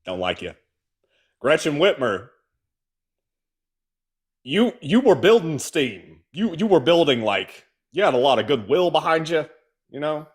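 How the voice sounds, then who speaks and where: A man's voice: a little high, sing-song, measured pace, long pauses, husky. A man from the American South co-hosting a political livestream, ranting with sarcastic exasperation. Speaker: co-host. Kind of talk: political commentary rant.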